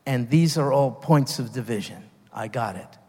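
A man's voice: mid-range voice, moderate pace, mellow, breathy edge, long reverb tail. A man preaching a sermon, earnest and emphatic, stopping and restarting as he builds his points. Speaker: pastor.

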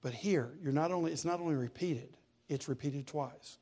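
A male pastor preaching a sermon in a church, emphatic and building to loud peaks. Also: fairly high pitch, normal speed.

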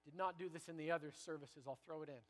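Male preacher from Canada, high bright tone, sermon builds from hushed to rousing. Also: steady tone, quick pace, long reverb tail. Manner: builds from quiet reflection to loud, rousing repetition. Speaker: pastor.

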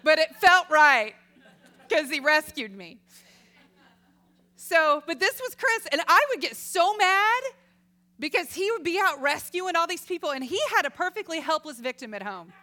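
A middle-aged woman giving a casual Christian teaching talk, telling stories lively and acting out voices. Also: sits high, moderate pace. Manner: lively storytelling, acts out quoted voices, laughs often. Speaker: Christian speaker.

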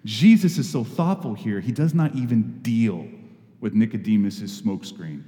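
A man's voice: on the low side, expressive, moderate pace, mellow, long reverb tail. A man preaching a conversational, earnest sermon with sudden emphatic rises. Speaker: pastor.

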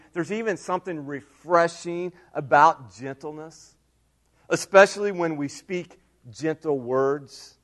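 A man delivers a sermon in a somewhat high voice. He is earnest and repeats his key points, moving from loud, stressed lines to quiet asides. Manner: swings between loud emphasis and quiet asides. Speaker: pastor.

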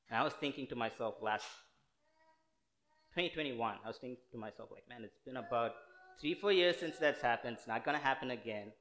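A man's voice: medium pitch, a bit bright. A young man from India, preaching a casual, earnest sermon full of fillers and restarts. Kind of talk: conversational sermon.

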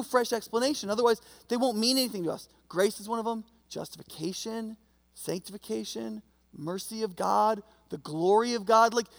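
Man, pastor, sermon, conversational, gravelly, high-pitched, long church reverb. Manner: conversational, storytelling, checks in with listeners.

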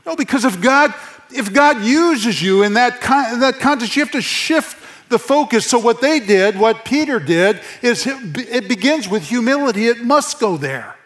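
A man preaching a sermon to his congregation in church, earnest, repeating phrases for emphasis and dropping to a soft hush. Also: very high-pitched, expressive, moderate pace. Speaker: pastor.

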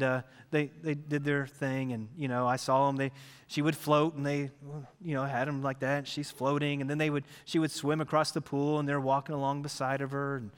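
A man's voice: on the high side, fairly bright tone, clear, resonant tone. A man in his thirties preaching a sermon, telling a family story animatedly before building to emphatic preaching. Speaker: pastor. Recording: long reverb of a large hall.

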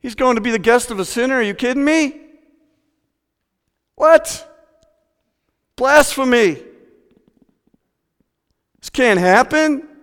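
A man's voice: extremely high pitch, takes it slowly, pauses often, a bit bright, smooth, in a large hall, pitched above the performer's own voice, full character voice. A man voicing a scandalized, self-righteous churchgoer who sputters with outrage. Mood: indignant.

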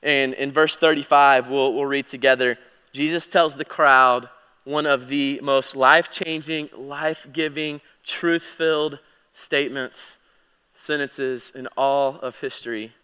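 A man teaching a Bible lesson in a casual sermon style, full of fillers and self-corrections, with emphatic swings in loudness. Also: mid-range voice, steady tone, unhurried, clear, resonant tone, in a large hall. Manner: emphatic, swinging louder and quieter.

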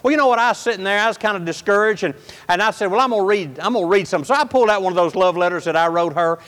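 A high-voiced man tells a personal story as a sermon. His delivery is folksy and animated, jumping up to loud outbursts and dropping to hushed, near-whispered lines. The sound carries a long hall reverb. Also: very fast. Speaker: preacher.

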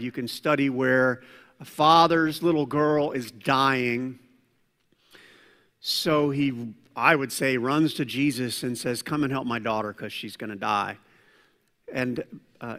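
A man preaching a sermon as pastor, animated, swinging between loud preaching and quiet asides. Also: medium pitch. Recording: long hall reverb.

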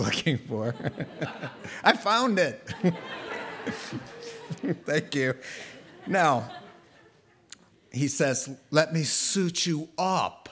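Animated pastor telling a story. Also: male voice. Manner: animated storytelling, voicing characters with a rising pitch; conversational, jokes with the congregation. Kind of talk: sermon.

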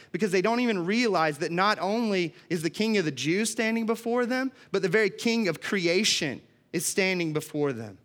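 Male preacher, young adult, earnest and emphatic sermon delivery, voice a bit on the high side. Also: a bit bright. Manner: earnest, emphatic, reads scripture aloud.

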